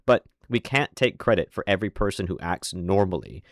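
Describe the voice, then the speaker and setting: A man's voice: low voice, expressive, brisk, no room sound. A man with an American accent and a slight Southern twang, delivering a sardonic, opinionated commentary monologue with dry asides. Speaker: online commentator.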